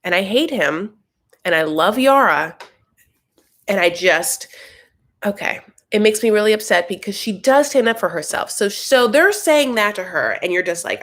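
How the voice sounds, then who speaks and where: A woman's voice: medium pitch, expressive, normal speed, a bit bright. A woman hosting a casual show recap, talking in a gossipy, profane, ranting way.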